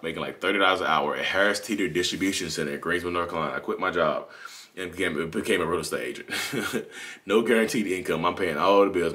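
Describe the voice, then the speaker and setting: A man in his thirties talks to camera in a candid, rambling confessional. His voice sits very low but sounds bright and forceful. He moves at a quick clip and keeps circling back to fix his own timeline. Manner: candid, rambling, self-correcting. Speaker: channel host. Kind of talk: confessional monologue.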